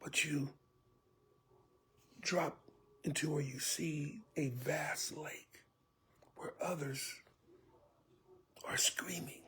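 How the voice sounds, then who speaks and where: A man preaching a sermon as a church elder, telling it vividly and dropping often to a hushed whisper with pleading asides. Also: a little high, steady tone, extremely slow, long pauses, slight background noise.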